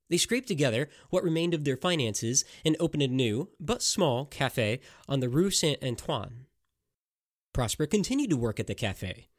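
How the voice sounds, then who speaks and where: A man narrating a dramatic historical tale in an expressive storytelling manner. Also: on the high side.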